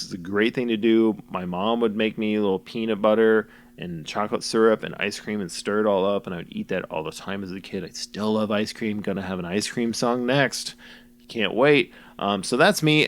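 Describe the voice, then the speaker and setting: A young man musician rambling goofily through his own album commentary, joking at himself with lots of fillers. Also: lowish voice. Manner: goofy, self-mocking, many fillers.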